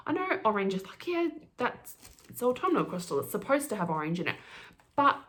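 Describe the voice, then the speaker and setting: Woman, middle-aged, knitting podcast host, casual unboxing chat, gushing, fast-talking. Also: mid-range voice, very animated, a bit bright. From Australia.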